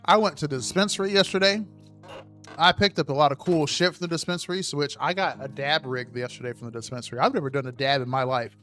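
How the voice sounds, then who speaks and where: A man with a fairly high voice chats loosely on a game live stream, peppering his talk with profanity. In tense moments he breaks into panicked shouting. Soft music plays faintly behind him. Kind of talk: casual gaming live stream chat.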